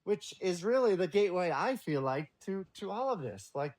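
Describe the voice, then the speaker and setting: A man's voice: sits high, moderate pace. A man talking as a podcast guest in casual conversation, blunt and profane, telling stories with energy. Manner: blunt and profane, lively storytelling.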